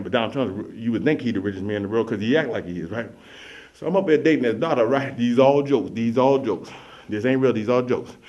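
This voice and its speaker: A man's voice: mid-range voice, a little mellow. A man telling a rambling, repetitive comic story to an audience. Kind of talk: comedic story monologue. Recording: dull lo-fi recording.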